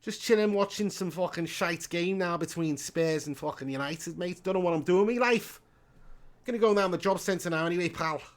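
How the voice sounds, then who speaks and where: A man's voice: high-pitched, fairly quick, close to an everyday voice. A man voicing a brash, swearing male Liverpool football fan in a put-on Scouse accent, calling everyone mate. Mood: brash banter.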